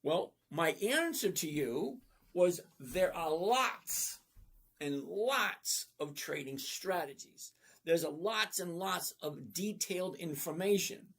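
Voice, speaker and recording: A middle-aged man with a fairly high, slightly bright voice talks slowly but animatedly. He's hosting a live stream, answering chat about trading in a blunt, folksy, casual manner and often asking "okay?"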